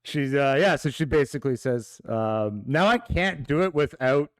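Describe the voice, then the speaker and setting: A man narrating as dungeon master, laughing often and halting with fillers between lines. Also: mid-range voice, animated, no room sound. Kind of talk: narrating a tabletop game.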